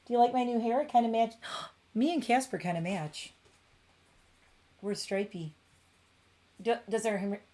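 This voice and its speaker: A woman's voice: mid-range voice, a little mellow. A woman in her forties chatting casually on a beauty livestream from her home bathroom, rambling and cooing at her cat.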